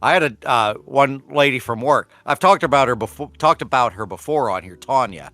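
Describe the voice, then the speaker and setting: A man co-hosting a podcast, telling relaxed stories from work and home, laughing often and swearing casually. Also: medium pitch, brisk, no echo. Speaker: podcast co-host. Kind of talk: casual chat.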